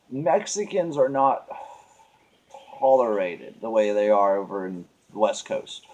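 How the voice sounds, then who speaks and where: An earnest man talking through his frustrations in an unscripted monologue. He rambles, trips over his words and restarts sentences. His pitch sits in an ordinary middle range. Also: darkish tone. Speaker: vlogger. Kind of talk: casual venting monologue.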